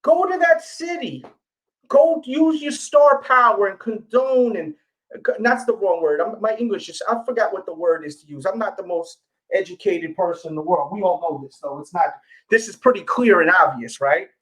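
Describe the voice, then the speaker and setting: A middle-aged man with a New York accent, speaking in a high register. He hosts a casual livestream and talks straight to his viewers, repeating himself and pleading to be heard. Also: moderate pace, fairly bright tone. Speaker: sneaker channel host.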